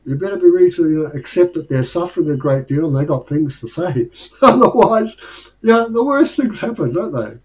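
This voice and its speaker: A little high and animated, an Australian man talks slightly fast on a rough recording. He shares life lessons in casual, rambling storytelling, laughing softly often.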